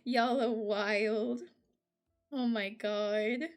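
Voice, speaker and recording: A woman streamer chatting casually with her live chat, giggling often and getting excited. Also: fairly high pitch, extremely slow, faint music behind.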